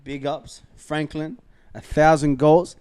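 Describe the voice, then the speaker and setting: A man's voice: on the high side, level tone, takes it slowly, crowd noise. A man co-hosting a casual podcast, laid-back and chiming in with hype. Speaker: podcast co-host. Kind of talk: casual chat.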